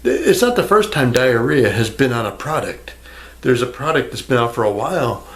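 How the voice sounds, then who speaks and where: Sarcastic rambling man with gravelly voice. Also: mid-range voice, sing-song, moderate pace. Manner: sarcastic, rambling, swears freely, talks to the viewer. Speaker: vlogger. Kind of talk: rambling casual rant to camera.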